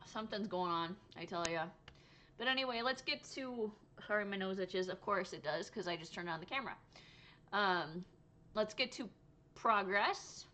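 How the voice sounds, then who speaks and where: An exhausted woman talks casually to the camera from a room at home, describing her day for her crochet channel. Her mid-range voice is pushed and bright, and she rambles and laughs often.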